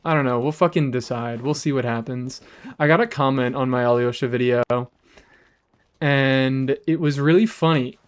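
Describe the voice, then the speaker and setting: A man streaming a game live, chatting casually with his audience in an animated, rambling way and swearing freely. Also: mid-range voice, clean tone.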